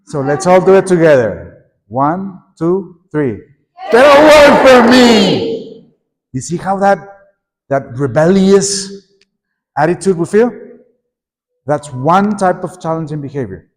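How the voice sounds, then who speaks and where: Man, middle-aged, somewhat high voice, lively workshop leader, echoey conference hall. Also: measured pace. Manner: lively, prompts the audience to repeat and join in. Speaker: teacher trainer. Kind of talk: workshop presentation to teachers. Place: conference room at a teachers' meeting.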